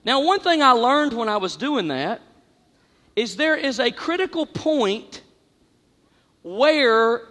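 A man doing stand-up, telling a long story in an animated, exaggerated way, jumping from loud bursts to hushed asides. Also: extremely high pitch, slow, long pauses, long reverb tail. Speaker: comedian.

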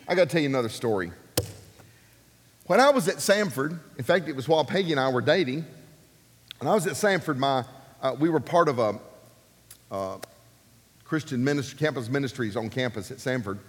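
A man from Alabama, preaching and telling a personal story with animated, acted-out voices. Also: medium pitch, fairly quick, long pauses, slightly rough. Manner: animated, acts out quoted voices. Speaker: pastor. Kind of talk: sermon storytelling. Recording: long hall reverb.

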